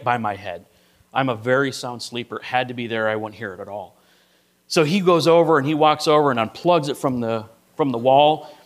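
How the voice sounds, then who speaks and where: A middle-aged male pastor preaching a sermon, telling a story to illustrate his point and often checking in with "right?". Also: mid-range voice.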